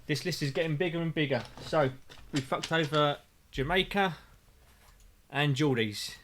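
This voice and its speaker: A man's voice: a little high, moderate pace, a bit bright, slight background noise. A man co-hosting a podcast, joking around, swearing freely and rambling in casual banter. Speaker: podcast co-host.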